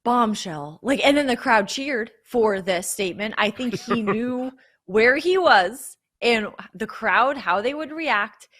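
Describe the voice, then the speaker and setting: Woman cohosting a sports show, bright higher voice, gets all excited talking plays. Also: takes it slowly. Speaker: sports podcast co-host. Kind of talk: casual sports talk.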